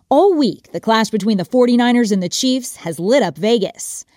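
A woman field reporter giving an upbeat, animated on-location news report. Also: a little high, normal speed, no echo. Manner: bubbly, animated.

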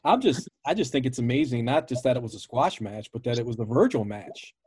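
A man's voice: mid-range voice, lively intonation, fairly quick, darkish tone, husky, no room sound. A man hosting a wrestling podcast, asking questions and affirming his guest. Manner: affirming, asks questions with fillers. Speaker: podcast host. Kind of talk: podcast interview.

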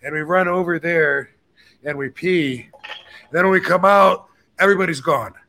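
A man's voice: fairly high pitch, unhurried, slight background noise. A man in his fifties, hosting a podcast, telling a rambling story in casual chat and acting out the voices and curses of the people in it. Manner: animated, acts out quoted dialogue with cursing. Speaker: podcast host.

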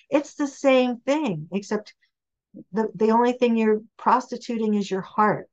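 A woman's voice: a little high, unhurried. Emphatic woman author on a lo-fi line. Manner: emphatic, animated storytelling. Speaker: author and relationship expert, guest. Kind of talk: podcast interview.

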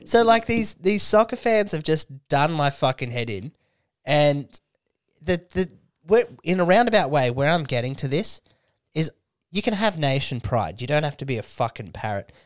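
A man's voice: fairly high pitch, sing-song, moderate pace, no echo, clean studio sound. A young Australian man co-hosting a podcast, ranting and mocking with lots of swearing. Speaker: podcast co-host. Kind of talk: crude casual banter.

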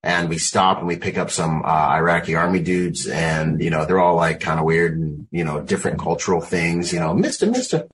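Man, 40s, very deep voice, military veteran guest, animated storyteller, says "man" a lot, home video call. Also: a little fast, hardly any pauses, slight background noise. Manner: animated storyteller, peppers speech with "man" and "you know". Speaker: guest, Marine combat veteran.

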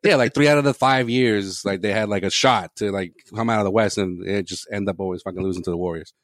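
A man's voice: lowish voice, quick pace, no room sound. A man co-hosting a casual sports podcast, rambling and profane, laughing often between points. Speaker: podcast co-host.

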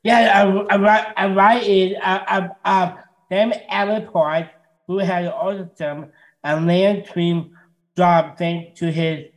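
A young man co-hosting a casual chat, talking haltingly and stumbling over his words. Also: high voice, steady tone. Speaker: podcast co-host, son. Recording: distant from mic.

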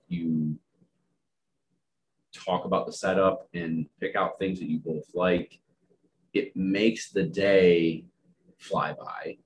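Low-voiced male podcast host, loose and rambling, self-deprecating humor. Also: slight background noise. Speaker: podcast host and dog trainer. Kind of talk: casual podcast chat.

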